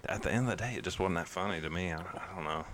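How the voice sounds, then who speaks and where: Deep-voiced East Tennessee man. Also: racing, a bit bright, slight background noise. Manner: folksy, drawling, swears casually. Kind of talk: casual chat.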